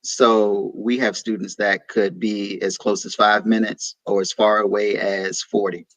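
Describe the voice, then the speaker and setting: A man's voice: fairly low pitch, little pitch movement, a little slow, fairly bright tone, low-quality recording. A man teaching an online reading lesson for young children, patiently sounding out letters and words. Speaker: literacy teacher.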